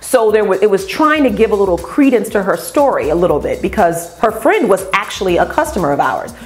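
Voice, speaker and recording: A woman who owns a beauty company tells customer stories in an animated way and acts out the voices of the people in them. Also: medium pitch, a little fast, faint music behind. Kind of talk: storytelling vlog.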